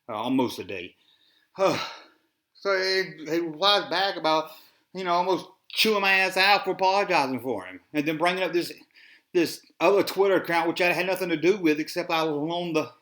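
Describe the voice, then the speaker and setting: A man's voice: a little high, a bit bright. Rambling Southern man with sighs. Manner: rambling, sighing, ranting. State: dry mouth. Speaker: toy collector podcast host. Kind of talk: rambling solo podcast.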